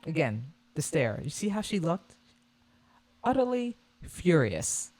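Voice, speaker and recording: A woman vlogger giving casual reaction commentary on a video, animated and scornful, repeating her points. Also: low voice, moderate pace, breathy edge.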